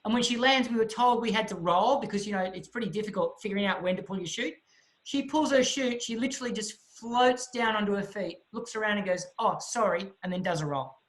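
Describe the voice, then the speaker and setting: Conférencier animé qui raconte avec des bruitages. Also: male voice, sits high, fast talker, poor audio. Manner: animated, vivid storytelling with sound effects. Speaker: motivational speaker. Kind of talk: motivational talk with storytelling.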